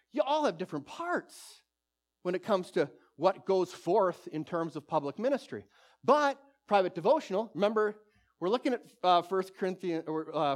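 Male preacher, high voice, fervent exhorting sermon delivery. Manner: exhorting, animated, repeats key phrases. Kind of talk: sermon teaching.

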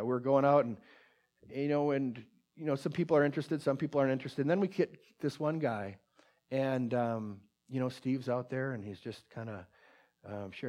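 A pastor with a medium-pitched voice relates a personal story in a conversational sermon, frequently starting his sentences over. When he quotes a prayer, his voice goes hushed.

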